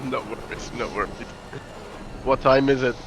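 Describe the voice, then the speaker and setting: A man's voice: mid-range voice, fairly even intonation, normal speed, poor audio. A man chatting as a guest on a racing stream, with brief and hesitant replies. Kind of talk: casual chat. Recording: noticeable background noise.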